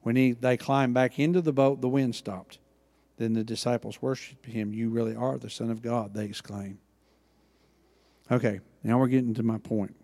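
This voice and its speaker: A man preaching a sermon, acting out Bible dialogue with lively emphasis. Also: mid-range voice, normal speed, vocal fry, long reverb tail. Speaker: pastor.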